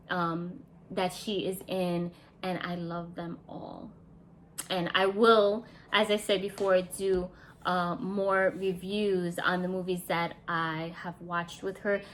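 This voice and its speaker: A woman's voice: on the low side, a bit bright, a little hiss or hum. A woman casually reviewing a classic movie, chatty and enthusiastic, with lots of fillers.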